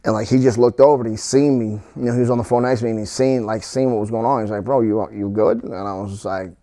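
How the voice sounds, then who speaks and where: Halting middle-aged man recounting loss. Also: mid-range voice, fairly even intonation, dark tone. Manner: halting, many restarts and fillers. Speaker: podcast guest. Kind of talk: emotional personal storytelling.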